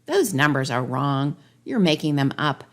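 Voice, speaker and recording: A woman's voice: sits low, very animated, a little slow, voice pushed down. A woman voicing a sour, boastful male leader in a rhyming storybook parody, talking in a scornful, dismissive way.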